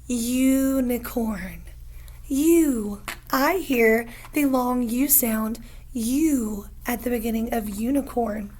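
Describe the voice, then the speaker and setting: A woman teaching a phonics lesson to young learners, patient and encouraging, stretching out each sound slowly. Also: fairly high pitch, a little mellow.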